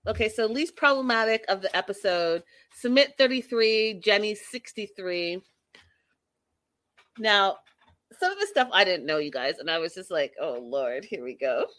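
A woman hosting a casual live-stream recap of a reality show, talking to viewers in a sassy, animated, exasperated way. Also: mid-range voice, moderate pace, no echo.

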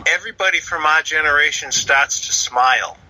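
A man's voice: a little high, fairly quick, sharp tone. A man in his thirties from the Boston area, leaving a profane, emphatic voicemail for a podcast. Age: 30s. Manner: profane, emphatic, lists points. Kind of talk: casual voicemail rant. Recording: phone-line voicemail.

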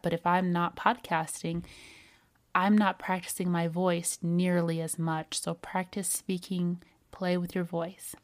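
Woman host, slightly low voice, measured and calm, coaching listeners. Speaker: podcast host. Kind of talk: advice talk on voice and attraction.

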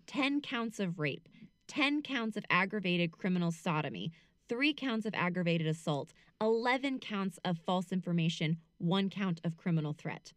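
A woman's voice: lowish voice, animated, normal speed, no room sound, clean studio sound. A woman hosting a casual true-crime podcast, reading out case facts and breaking off to react with blunt swearing and laughter.

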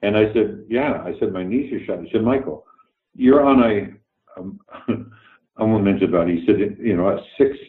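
A man's voice: on the low side, normal speed, reverberant, narrow, tinny audio. Older Canadian man telling candid stories. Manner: candid, profane, acts out dialogue. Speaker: guest actor. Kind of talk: casual interview storytelling.

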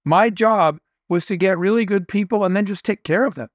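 A middle-aged entrepreneur with a notably high voice is an interview guest, earnestly sharing motivational lessons through anecdotes and conversational storytelling. He speaks briskly, and the recording is dry and close with no room sound and the highs cut off.

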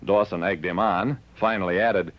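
This dull vintage radio recording, with a faint hiss, features a man acting in 1940s radio style as a wry private eye telling his own case. The narration is dry but lively. His voice is low-pitched and natural, at a moderate pace, with no echo.

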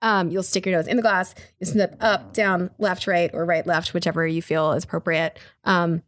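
A woman's voice: fairly low pitch, level tone, moderate pace, no echo. A woman sommelier guest casually explaining wine tasting, chatty with lots of fillers. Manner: chatty and laughing, full of fillers.

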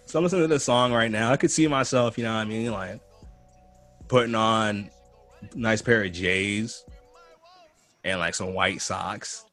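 Animated, swearing man in casual chat. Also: fairly low pitch, moderate pace, long pauses, soft background music. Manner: animated, swears, laughs a lot, trails off and restarts. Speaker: podcast co-host.

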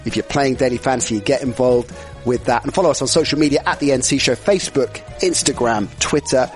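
A man's voice: mid-range voice, brisk, soft background music. A man hosting a sports podcast in an upbeat, chatty way, laughing easily with his guest. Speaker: podcast host. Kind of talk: casual sports talk.

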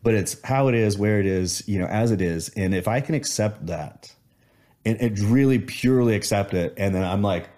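A man's voice: fairly low pitch, animated, a little fast, dark tone. A man in casual conversation, reflecting on gratitude and telling a story with many restarts.

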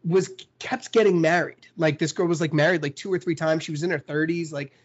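A man's voice: on the high side, fairly even intonation, muffled recording. A man hosting a casual podcast, reacting and trading stories in chatty speech full of "like". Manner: chatty, lots of "like" fillers, quick reactions. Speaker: podcast host.

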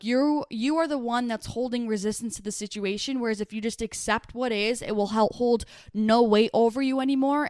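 A woman's voice: fairly high pitch, no echo, studio quality. A young woman, hosting a self-help podcast in a casual, chatty way, full of "like" fillers and restarts. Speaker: podcast host.

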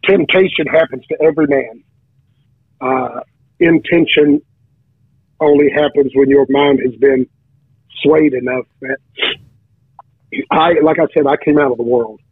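A man's voice: on the high side, expressive, measured pace, gravelly, pauses often, husky, dry recording. Preacher telling his story over a tinny phone line. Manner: storytelling, many restarts and stammered repeats. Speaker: preacher guest. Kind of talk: casual testimony on a talk show.

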